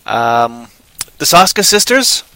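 A man co-hosting a casual podcast chat, rambling and joking, often breaking into loud silly voices. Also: mid-range voice, very animated, slow pace, dry recording, poor audio. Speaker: podcast co-host.

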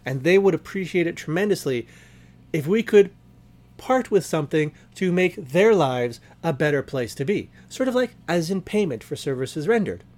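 A man's voice: fairly high pitch, animated, moderate pace, a little mellow. A man hosting an online radio show, playfully rambling as game master of an improvised role-play game.

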